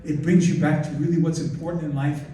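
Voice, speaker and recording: An excitable man with a high voice gives a lively presentation, bouncing between thoughts and interrupting himself. He sounds far from the mic, and his voice rings around a big echoey hall. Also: fast talker, slight background noise. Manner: excitable, animated, self-interrupting. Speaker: wildlife photographer giving a slide talk. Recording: distant echoey hall recording.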